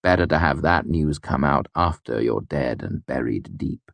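A man's voice: extremely low pitch, lively intonation, normal speed, creaky, fairly bright tone, no echo, voice pushed down, exaggerated voice. A man reading the part of a patient, worldly innkeeper, wry and knowing in tone.

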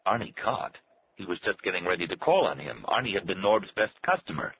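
A male narrator reads a novel in a very deep, steady voice. The recording sounds dull and lo-fi, with a faint hiss behind him. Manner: steady, measured reading. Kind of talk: scripted audiobook narration.

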